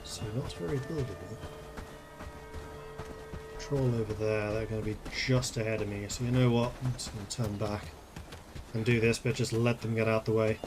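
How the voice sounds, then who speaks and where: A man's voice: lowish voice, steady tone, moderate pace, long pauses, over music. A man streaming a game, casually thinking aloud and playing with wordplay. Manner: musing aloud, playful with wordplay. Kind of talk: casual live-stream gameplay commentary.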